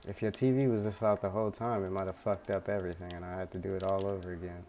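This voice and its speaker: A man's voice: low-pitched, little pitch movement, fast, few pauses, a little mellow, a little hiss or hum. A young man casually telling a story from his life, rambling, laid-back and full of swearing, recorded at home.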